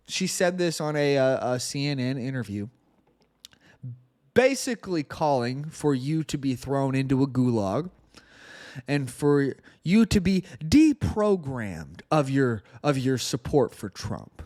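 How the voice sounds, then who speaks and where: A man's voice: a little high, lively intonation. Sarcastic male podcast host. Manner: sarcastic, reads news quotes aloud fast. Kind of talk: political commentary monologue.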